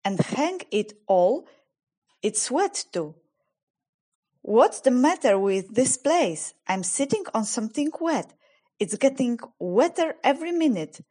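A woman's voice: on the high side, big pitch swings, takes it slowly, mellow, slightly rough, full character voice. Peter, a hearty eager boy, read by a woman. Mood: excited. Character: eager boy, eldest brother, good-natured leader.

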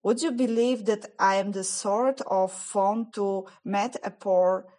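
A woman voicing a guilt-stricken male faun, gentle and fretful, with an anxious, pleading, slightly raised voice. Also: medium pitch, steady tone, slow, lightly acted. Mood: anguished.

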